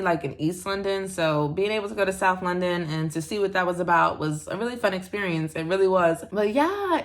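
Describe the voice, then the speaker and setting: A young American woman from the United States, narrating a casual travel vlog in a chatty way with frequent fillers and little laughs. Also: lowish voice. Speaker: vlogger.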